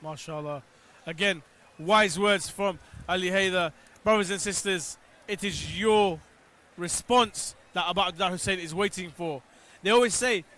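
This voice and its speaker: A man with a notably high, bright and forceful voice hosts a live outdoor broadcast. He talks in an exhorting, preacher-like way, pressing his appeals on viewers. He is out in the open on a pilgrimage walk. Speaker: presenter of live pilgrimage coverage.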